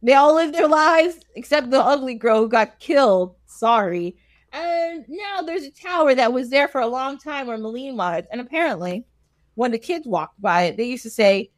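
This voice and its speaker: High lively woman storyteller, slangy and laughing, dry close sound. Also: normal speed, dry recording. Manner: animated, laughs often, slangy asides. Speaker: storyteller guest. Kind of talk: casual comic retelling of a fairy tale.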